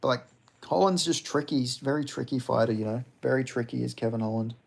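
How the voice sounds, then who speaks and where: Gravelly young man chatting on stream. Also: mid-range voice, fairly even intonation, fast. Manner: loose, laughing, swearing freely. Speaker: livestream host reading chat. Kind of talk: casual stream chat.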